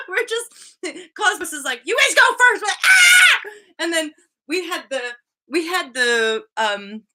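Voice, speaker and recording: A woman's voice: on the high side, bright, forceful tone. A woman in her thirties hosting a casual live-stream chat, bubbly and laughing often, swearing freely and acting out voices as she tells stories. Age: 30s. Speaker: host.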